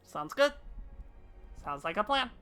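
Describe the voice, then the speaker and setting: A woman's voice: mid-range voice, sing-song, unhurried, pushed and bright, clean tone, soft background music. A woman streaming a game live, chatting casually, reading dialogue aloud in playful voices and swearing freely.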